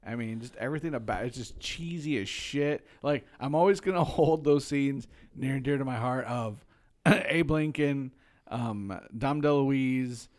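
A man's voice: medium pitch, unhurried. A man co-hosting a casual podcast chat, blunt and rambling, swearing freely and restarting his sentences. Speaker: podcast co-host.

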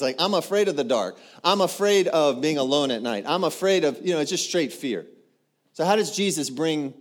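A man, a pastor, preaching a sermon in an animated way, acting out quoted voices and building to loud exclamations. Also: on the high side.

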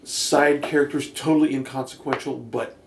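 Man in an echoey room, halting chat. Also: medium pitch, steady tone, vocal fry. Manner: laughs often, halting restarts. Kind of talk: casual chat. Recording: roomy echo, faint background noise.

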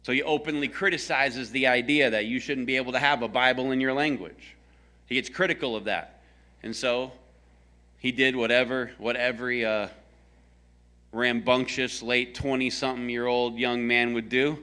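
Man, pastor, from the American South, conversational sermon, storytelling, bright forceful voice. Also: mid-range voice, moderate pace. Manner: animated, storytelling, jokes with the congregation.

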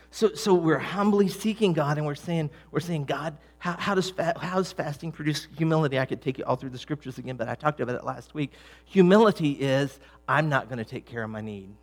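A middle-aged man preaching a sermon, talking conversationally with many restarts and repeated words, building to emphatic, louder peaks. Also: a little high. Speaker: pastor.

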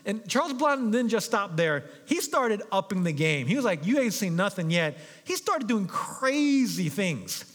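A man preaching a sermon as pastor, telling a story with animated energy and voicing the crowd. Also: sits high, a little slow, hardly any pauses, slightly rough. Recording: long reverb of a large hall.

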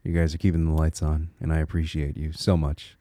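A man's voice: a bass voice, flat delivery, brisk, mellow, dry recording, studio quality. A man from Connecticut hosting a solo podcast, talking in an earnest, reflective and encouraging way, with small restarts as he thinks aloud. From Connecticut, USA. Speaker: podcast host.

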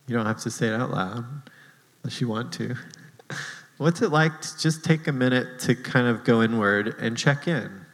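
A man's voice: mid-range voice, moderate pace, big-room sound, rough recording. Casual self-deprecating male pastor preaching. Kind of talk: sermon.

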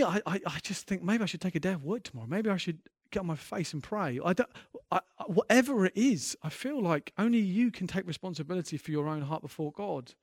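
A man with a high voice preaches a sermon as a pastor, earnest and impassioned, often restarting sentences as his intensity builds. The recording is clean studio sound with no room echo.

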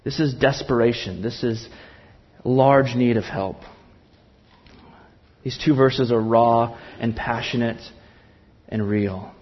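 A man's voice: medium pitch, muffled recording. A man preaching a sermon in church, earnest and impassioned, with emphatic repetition. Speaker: pastor.

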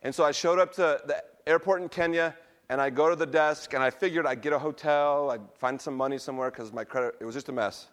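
A middle-aged male pastor preaching a sermon, telling personal stories in a relaxed, conversational way and laughing at himself now and then. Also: fairly high pitch, fast talker.

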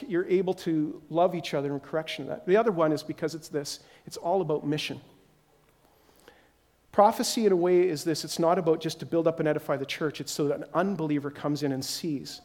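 High-voiced animated male pastor preaching. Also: brisk. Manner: animated storytelling, acts out quoted voices. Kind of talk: sermon.

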